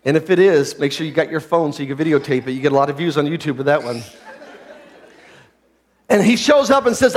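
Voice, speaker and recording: A pastor delivers a sermon at a fairly quick clip, moving between quiet, low lines and loud, shouted ones. He has the congregation repeat phrases back to him.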